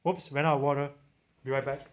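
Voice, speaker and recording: A man from Singapore with a Singaporean accent, a tech reviewer chatting casually on a livestream and reading viewer comments aloud, often halting and restarting his sentences. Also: mid-range voice, fairly even intonation. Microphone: camera-mounted shotgun mic.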